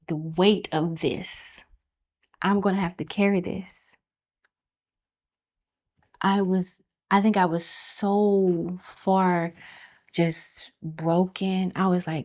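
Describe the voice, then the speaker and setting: A woman's voice: fairly low pitch, slow pace, long pauses. A young woman telling her own story of a hard pregnancy, emotional and dropping to near whispers at the hardest parts. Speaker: testimony speaker. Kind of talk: personal testimony storytelling. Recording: soft music behind.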